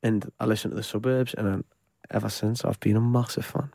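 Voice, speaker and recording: A young man in his twenties with a strong Northeast English accent talks as a radio guest, relaxed and rambling. His voice is on the lower side and recorded dry and close in a studio. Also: a little fast, creaky, no room sound. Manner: relaxed, rambling, self-mocking. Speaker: musician guest. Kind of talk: casual chat. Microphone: studio microphone.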